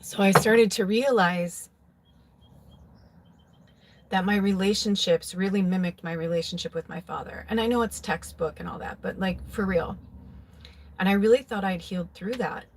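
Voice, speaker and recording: A woman's voice: mid-range voice, moderate pace, pauses often, a little hiss or hum. A woman who reads tarot, telling a personal story in a casual, rambling, emotional way, full of "like" and "you know.". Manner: rambling, filler-heavy, with frequent "like"; emotional, confessional. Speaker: psychic tarot reader.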